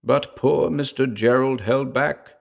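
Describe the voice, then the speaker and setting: A man narrating a horror story in a dramatic, expressive reading. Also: mid-range voice, slow pace, vocal fry. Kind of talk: scripted audiobook narration of a horror tale.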